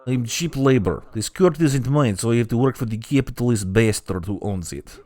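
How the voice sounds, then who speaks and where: A man's voice: medium pitch, expressive, normal speed, darkish tone, natural voice. A man voicing a talking donkey in a video game who gripes sardonically about his work. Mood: griping. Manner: griping, sardonic. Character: grumbling male talking donkey, worker revolutionary.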